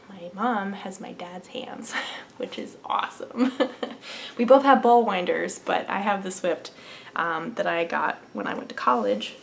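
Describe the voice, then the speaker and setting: A young woman talks slowly and unhurriedly, gushing over her finds in a casual show-and-tell chat, now and then slipping into a soft whisper. Her voice sits at an ordinary pitch, with a faint hum of room ambience behind her. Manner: gushing and enthusiastic, drops into whispers. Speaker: knitting podcast host.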